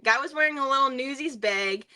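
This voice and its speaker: A woman's voice: high voice, a little fast, bright, forceful tone. A young woman, a singer and interview guest, telling stories casually with lots of fillers and frequent laughter. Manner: chatty, filler-heavy, laughs often while telling stories.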